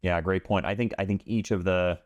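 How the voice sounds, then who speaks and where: A man working as a pool instructor, explaining calmly and in measured terms during an interview. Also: low-pitched, dry recording, lo-fi sound. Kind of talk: interview talk.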